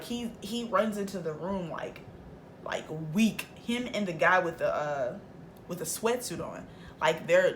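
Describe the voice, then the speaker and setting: A young woman vlogger telling a casual storytime, animated and acting out every quote with big jumps in her voice. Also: on the low side, slight background noise.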